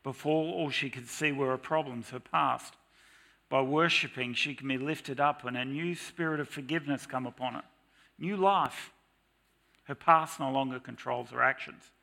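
A middle-aged man preaching a sermon in church, lively and dramatic, at times mock-shouting to make his points. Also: mid-range voice, moderate pace, vocal fry.

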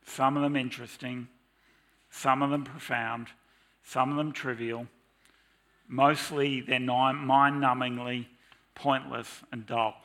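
A man's voice: mid-range voice, flat delivery, slow pace, pauses often, pushed and bright. A man preaching a sermon in a church, speaking in an earnest, confessional way. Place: church with slides.

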